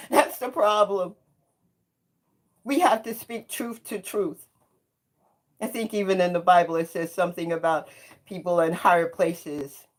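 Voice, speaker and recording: A woman in her seventies hosting a livestream, talking in an impassioned monologue and repeating phrases for emphasis like a preacher. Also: fairly low pitch. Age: 70s. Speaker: host.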